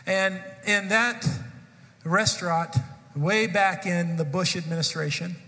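A man's voice: high voice, fairly even intonation, measured pace, sharp tone. A male pastor, probably in his forties, telling a humorous personal story to his congregation in a sermon. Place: church sanctuary. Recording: long hall reverb.

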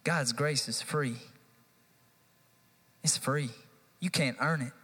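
A man's voice: mid-range voice, takes it slowly, sharp tone, slightly rough. A man, a youth pastor, preaching a live sermon to a church congregation, building to emphatic repeated lines. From United States. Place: church sanctuary. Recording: long hall reverb.

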